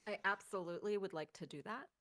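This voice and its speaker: A woman playing a tabletop role-playing game, speaking earnestly in character with halting restarts. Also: mid-range voice, sharp tone, no room sound, studio quality. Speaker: player.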